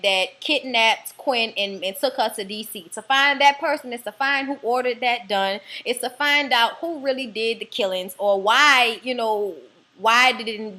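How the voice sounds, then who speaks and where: Woman, New Orleans accent, casual ranting TV recap, swears constantly, chatty, animated, somewhat high voice. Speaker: TV episode reviewer.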